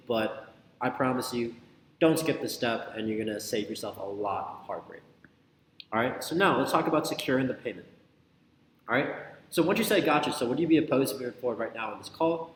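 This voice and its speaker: A young man coaches sales in a casual, energetic way, acting out both caller and prospect as he goes. His voice sits at an ordinary pitch and rings through a bare room with a long reverb tail. A faint room hum sits behind him. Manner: energetic, repetitive, acts out both sides of the call. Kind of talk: casual instructional talk.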